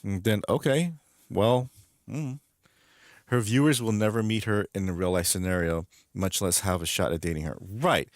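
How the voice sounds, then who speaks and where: A man's voice: on the low side, normal speed, no echo, clean studio sound. A man hosting a gaming stream, rambling casually and making his points emphatically, with frequent repeats. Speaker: streamer host.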